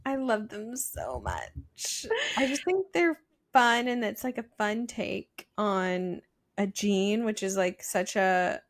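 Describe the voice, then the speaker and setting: A woman's voice: medium pitch, very animated, slow. A young woman co-hosting a podcast, chatting casually and rambling with lots of filler words. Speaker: podcast co-host. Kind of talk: casual chat.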